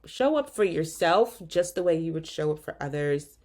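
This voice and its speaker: A congested woman with a notably low, husky-from-a-cold sound, talking to her listeners in a casual solo podcast. Her tone is candid and reflective, loose and informal, like she's chatting from home. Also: animated, moderate pace, darkish tone. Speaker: podcast host and physician coach.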